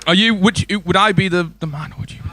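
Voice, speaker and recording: A man's voice: high-pitched, quick pace, bright, forceful tone. A man in his twenties with an English accent, performing a stand-up comedy set and bantering with the crowd. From England. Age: 20s. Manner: banters with the crowd, acts out voices in stories. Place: comedy club stage.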